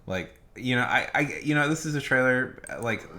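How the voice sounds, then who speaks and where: This streamer has a bright, mid-range voice with lively intonation and a forceful tone, speaking fairly quickly over soft background music. His livestream talk rambles casually as he stresses and repeats points, frequently starting over.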